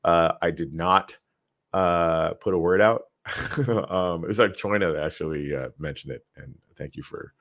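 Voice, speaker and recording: A man's voice: low-pitched, measured pace, a bit bright. A man hosting a casual livestream, rambling with lots of fillers and restarts, reading viewer comments aloud and answering them. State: tired. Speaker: show host.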